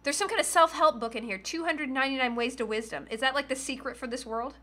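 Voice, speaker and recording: A woman in her thirties chats loosely while streaming a game, her high, bright voice bouncing between commentary and silly sung bits. She is playful and goofy, humming and singing nonsense as she plays. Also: quick pace. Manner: goofy, sings and hums while playing. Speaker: streamer playing a video game. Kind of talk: casual gaming chat.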